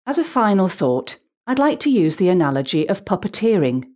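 Measured, articulate middle-aged woman narrator. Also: fairly low pitch, sing-song. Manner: measured, articulate, gently humorous. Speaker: volunteer audiobook narrator. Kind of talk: reading a prepared personal account.

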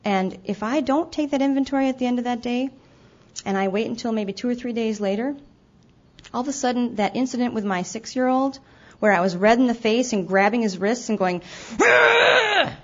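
A woman's slightly mellow voice, on the high side and brisk, carries a candid recovery testimony full of self-deprecation. She acts out what she once said and stumbles over occasional restarts, recorded in dull lo-fi quality at an event.

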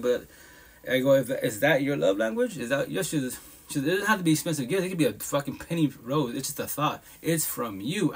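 Husky, blunt-talking man on a live stream. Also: medium pitch. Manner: blunt, profane, emphatic talk with frequent laughs. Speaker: live podcast host. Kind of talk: casual live-stream monologue.

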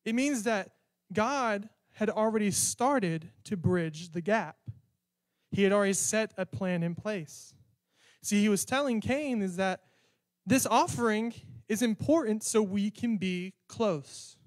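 High-voiced man preaching casually. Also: a little slow, dry recording, clean studio sound. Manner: sarcastic, chatty, repeats words while thinking. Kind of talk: casual conversational sermon.

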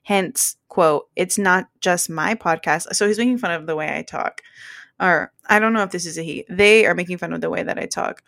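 A woman in her late twenties chats on a podcast with a relaxed, self-mocking manner. Her voice has a light vocal fry, and she swears casually as she talks. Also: fairly low pitch, a little fast. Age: 20s. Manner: laid-back, swears casually, laughs at herself. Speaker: podcast co-host.

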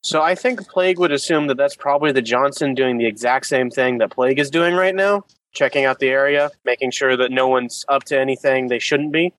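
A man's voice: medium pitch, a little fast, hardly any pauses, a bit bright, low-quality recording. A man playing a tabletop role-playing game, thinking aloud and describing what his character does. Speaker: player.

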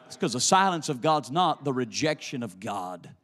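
A male preacher delivering a sermon in a chanting, sing-song cadence that swells into shouts. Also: medium pitch, big pitch swings, normal speed.

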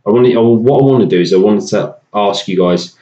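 A man's voice: fairly low pitch, a little fast, warm tone. A man hosting a casual podcast, rambling with lots of fillers and restarts. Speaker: podcast host. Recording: echoey room, dull lo-fi sound.

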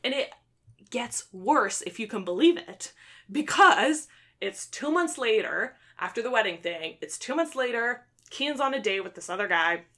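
Bright-voiced young woman retelling a story. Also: on the high side, lively intonation, normal speed. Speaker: book reviewer. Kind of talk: casual chat.

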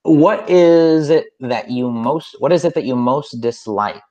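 A man hosting a casual podcast, reading questions briskly with quick playful quips, over a remote call. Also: medium pitch, warm tone, low-quality recording. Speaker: podcast host asking questions.

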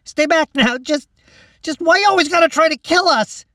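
Brief: a scared folksy young man in a storybook fight, shrill cracking shouts, dry distant mic. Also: lively intonation, normal speed, dry recording. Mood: panicked. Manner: high strained shouting, voice cracking.

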